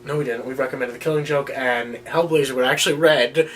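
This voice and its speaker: A man's voice: medium pitch, steady tone, fast talker, a bit bright. A man co-hosting a casual chat about the week's TV episodes, rambling and correcting himself as he goes and laughing often. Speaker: podcast co-host. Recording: distant mic with faint noise.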